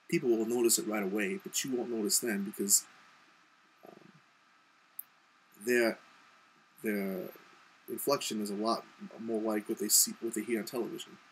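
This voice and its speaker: Casting: young man from Montana, lowish voice, casual rambling vlog delivery, faint hiss behind. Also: rough recording. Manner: rambling, lots of ums and you-knows. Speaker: video blogger.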